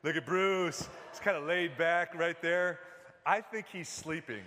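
A man's voice: on the high side, measured pace, bright, forceful tone, in a large hall, a little hiss or hum. A man preaching a casual sermon to his congregation, joking and chatty, with fillers and restarts. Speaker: pastor.

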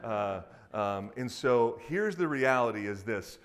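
A man preaching a sermon to a congregation, speaking casually and acting out quoted voices with lively emphasis. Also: medium pitch, a little slow. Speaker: pastor.

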